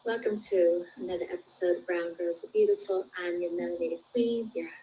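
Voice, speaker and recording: A woman hosts her own show over a video call, chatting casually with listeners, calling them "y'all," and reading passages from a book aloud. Her voice is lowish and warm, with fairly even intonation and a fairly quick pace. The recording is rough, with slight background noise.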